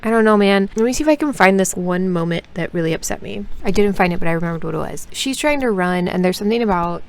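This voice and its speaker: A woman vlogger talks through a book she dislikes in a casual, rambling way, with lots of "like" fillers. Her voice has a gravelly, creaky edge at a middle pitch. Now and then she breaks into loud, high, exasperated outbursts. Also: animated, fast. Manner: rambling, frustrated ranting with many "like" fillers. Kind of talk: casual reading vlog review.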